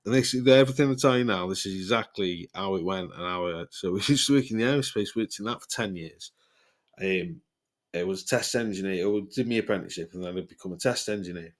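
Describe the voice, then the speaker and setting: A man, telling rambling podcast stories full of swearing and laughter. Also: low-pitched. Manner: rambling, swears a lot, laughs mid-sentence. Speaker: podcast host. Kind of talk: casual storytelling.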